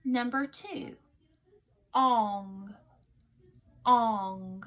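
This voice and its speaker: A woman teacher leading a recorded phonics dictation lesson, sounding out each word slowly and deliberately. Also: a little high, a bit bright.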